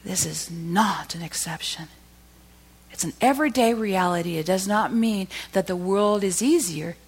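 A woman's voice: medium pitch, normal speed, husky. Woman preaching a storytelling sermon. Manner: storytelling, building to loud emphatic peaks.

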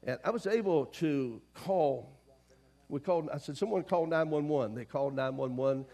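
A middle-aged man delivering a sermon in a church, his voice sitting a touch higher than most men's. He tells stories in a low, confiding tone, then climbs and pushes hard on his main points. He calls out to the congregation for responses. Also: normal speed, creaky. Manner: call-and-response preaching, swings from soft storytelling to loud emphasis. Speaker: pastor. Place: church sanctuary.

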